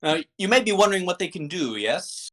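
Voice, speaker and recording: A game master voicing a polite male shopkeeper who sells weapons, talking in a formal, halting sales patter. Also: medium pitch, sing-song, a bit bright, voice pushed up. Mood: salesy.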